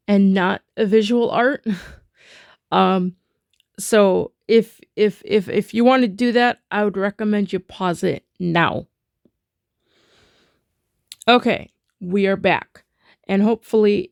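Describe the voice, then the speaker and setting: A woman's voice: mid-range voice, gravelly, a little mellow, dry recording, clean studio sound. A woman teaching a music rhythm lesson in a chatty way, full of fillers, chanting rhythm syllables as she taps.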